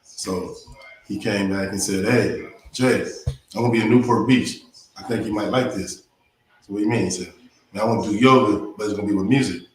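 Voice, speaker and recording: A man's voice: on the low side, a little fast. A man telling a casual story about his path to yoga, acting out the lines of his friends. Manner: animated, acts out quotes. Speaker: guest, yoga teacher. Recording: echoey room, faint noise.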